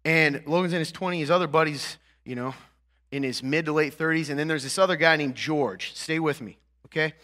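Delivering a sermon as a pastor, a man with a slightly high voice talks fairly quickly and conversationally. He often checks in with "right?" and "okay?" and builds toward louder, emphatic high points.

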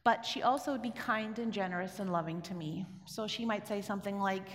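A woman's voice: mid-range voice, brisk, hardly any pauses. A middle-aged woman from Canada telling a personal story to an audience in a conversational way, often asking them questions. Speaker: speaker giving a talk. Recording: echoey hall with long reverb.

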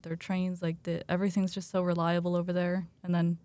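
A young woman chats casually on a student panel in a flat, level tone. The sound is dry and close, and she strings her points together with "like" and "so.". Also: lowish voice, brisk, no room sound. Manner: chatty, laughs between points, many "like" fillers. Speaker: student studying German.

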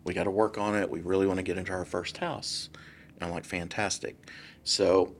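Man telling a lively story. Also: low-pitched, a little fast, a little hiss or hum. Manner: animated, acts out quotes in different voices. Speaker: guest real estate broker. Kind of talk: casual storytelling.

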